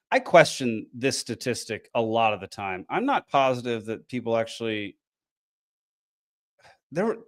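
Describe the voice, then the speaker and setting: Tired man rambling. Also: mid-range voice. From American South. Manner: rambling, frustrated, many ums and restarts. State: tired, yawning. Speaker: podcast host. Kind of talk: casual solo match recap.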